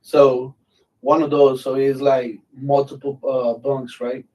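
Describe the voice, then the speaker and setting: A man's voice: medium pitch, little pitch movement, slow pace, a little mellow. Profane, rambling man, distant mic. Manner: profane, rambling with many fillers. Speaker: veteran host. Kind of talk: casual storytelling.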